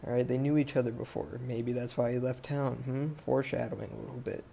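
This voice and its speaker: Quick-paced and steady in tone, this male podcast host has a medium pitch, vocal fry and a dark timbre, with slight hiss or hum in the background. He rambles through a movie recap, swearing freely and repeatedly wandering off topic.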